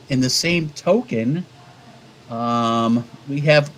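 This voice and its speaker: A man's voice: medium pitch, measured pace, slight background noise, poor audio. A man co-hosting a radio show, bantering loosely, swearing and laughing. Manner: loose, profane, laughing, animated.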